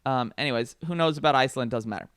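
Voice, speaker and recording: A man's voice: mid-range voice, rapid-fire, a bit bright, clear, resonant tone, no room sound, clean studio sound. A man co-hosting a casual podcast, joking and swearing as he reads taglines aloud. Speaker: podcast co-host. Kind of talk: casual chat.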